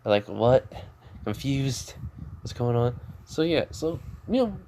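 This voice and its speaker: A man's voice: mid-range voice, sing-song, measured pace, mellow, a little hiss or hum. A man tells a fan-made story off the cuff. He rambles, leans on filler words and often restarts his sentences. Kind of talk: casual improvised storytelling.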